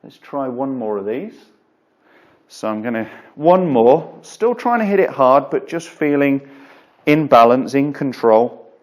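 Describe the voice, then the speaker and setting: A man who is a golf coach, explaining and demonstrating a drill in a relaxed, chatty way with frequent fillers, in an indoor golf studio. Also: mid-range voice, measured pace. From England. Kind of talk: instructional video lesson.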